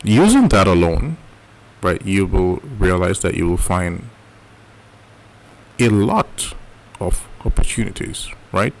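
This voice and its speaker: Gravelly low-voiced man teaching trading. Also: very animated, slow pace. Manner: repeats "right?" as a check-in, casual and coaching. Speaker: trading educator. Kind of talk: live-streamed trading lesson.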